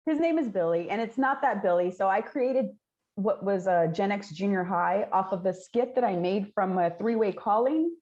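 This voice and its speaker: A woman with a Texan accent chats as a guest, spinning her stories with frequent laughter. Her voice sits at a middle pitch. The sound is a little dull and lo-fi. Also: moderate pace. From Texas, United States. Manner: laughs often, animated storytelling. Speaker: guest, video creator. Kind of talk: casual conversation.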